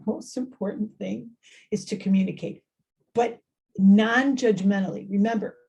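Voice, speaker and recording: Animated woman giving a parenting talk. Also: mid-range voice, a little slow, gravelly. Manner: animated, acts out quoted voices, repeats phrases. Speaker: family engagement speaker. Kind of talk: informal parent workshop talk.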